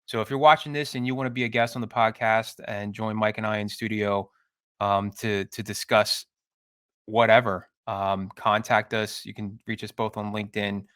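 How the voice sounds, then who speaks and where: A man co-hosting a podcast, chatting casually with a relaxed, rambling manner. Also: on the low side, normal speed, smooth, dry recording, clean studio sound. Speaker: podcast co-host. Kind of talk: casual chat.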